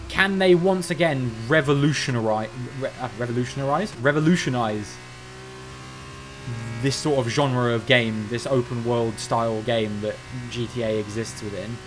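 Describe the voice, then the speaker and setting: A mid-range voice at a measured pace comes from this game streamer from Cornwall, England, with background noise present. He talks casually on stream in a general Southern English accent, thinking aloud and often starting over.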